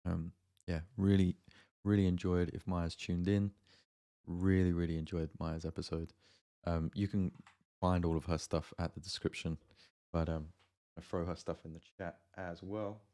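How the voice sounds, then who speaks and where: A man hosting a relaxed livestream, chatting casually and greeting viewers by name from his home studio. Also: low-pitched, normal speed. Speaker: music producer hosting a livestream. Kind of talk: casual live-stream chat.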